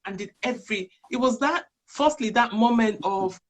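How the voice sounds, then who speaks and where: A woman's voice: mid-range voice, moderate pace, few pauses. A woman in her fifties, a charity chief executive as an interview guest, telling stories earnestly and digressing as she goes. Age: 50s. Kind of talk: conversational interview.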